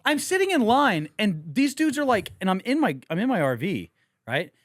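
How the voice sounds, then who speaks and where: A man co-hosting a podcast, telling stories in a loud, animated, profane way and shouting the lines he quotes. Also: high voice, moderate pace, dry recording, studio quality. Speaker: podcast co-host. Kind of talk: casual podcast banter. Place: podcast studio.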